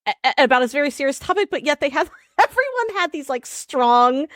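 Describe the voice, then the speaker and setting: A woman's voice: sits high, big pitch swings, fairly quick, a bit bright, no room sound, studio quality. A woman co-hosting a podcast in a casual chat. She talks in a chatty, loose way, laughs often and trails off into restarts. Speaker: podcast co-host.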